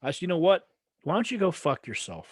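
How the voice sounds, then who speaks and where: A blunt man chats as a guest, telling stories with plenty of swearing. His pitch jumps around a lot and sits fairly high, and the recording is close and dry with no room sound. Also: wildly swooping pitch, quick pace, husky, dry recording. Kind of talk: casual conversational interview.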